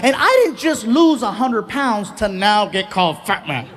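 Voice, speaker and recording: High-voiced man telling stand-up stories. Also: moderate pace. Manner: animated, acts out characters. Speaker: stand-up comedian. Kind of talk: stand-up comedy storytelling. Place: theater stage.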